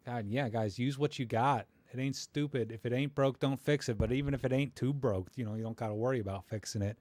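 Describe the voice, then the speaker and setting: Male streamer, middle-pitched voice, chatty and rambling, dry close sound. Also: fairly quick, hardly any pauses, warm tone, dry recording. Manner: rambling, filler-heavy, self-deprecating; friendly, encouraging toward viewers. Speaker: livestream host critiquing viewer photos. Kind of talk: casual live-stream commentary.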